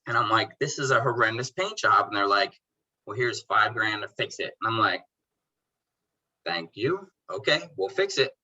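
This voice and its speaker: Guy on a podcast telling stories, super bright sharp voice, acts out the back and forth, says bro a lot. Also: fairly low pitch, moderate pace, breathy edge, highs cut off. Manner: animated storyteller who acts out both sides of conversations; laid-back slang, calls people bro and dude. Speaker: podcast guest, detailing business owner. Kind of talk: casual interview chat.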